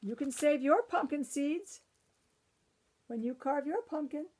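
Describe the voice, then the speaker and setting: A woman's voice: high-pitched, animated, unhurried, a little mellow. A woman librarian reading a picture book aloud to children, breaking off for chatty asides to her young listeners.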